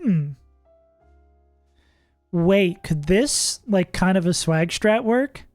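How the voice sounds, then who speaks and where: Casual streamer rambling thru strats, middle pitch, dry close mic, bit of music behind. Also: animated, drawn-out words, no echo. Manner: chatty, thinks aloud, laughs often. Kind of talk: casual livestream commentary.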